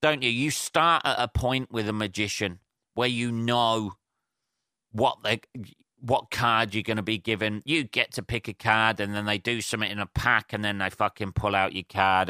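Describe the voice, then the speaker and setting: Recording with a handheld portable recorder, a solo podcaster goes on a casual, profane, meandering rant packed with fillers and false starts. His voice is lowish, sharp and smooth, at a moderate pace, and the sound is studio quality with no room sound.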